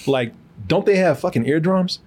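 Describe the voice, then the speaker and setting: A man's voice: a little high, lively intonation, moderate pace, a little mellow. A man co-hosting a podcast, reading listener letters and joking in profane, laughing banter. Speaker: podcast co-host. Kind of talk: casual comedic chat.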